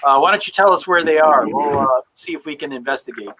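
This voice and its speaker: A man voicing a male town militia guard who speaks in a brisk, matter-of-fact way. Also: a little high, lively intonation, a crowd in the background, lightly acted. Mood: businesslike.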